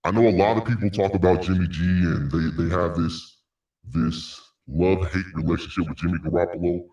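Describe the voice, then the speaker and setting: A man's voice: low voice, fairly even intonation, brisk, darkish tone, echoey room, far from the mic. A man hosting a casual solo sports recap, rambling, repeating words, with frequent sighs and laughs. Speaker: sports podcast host.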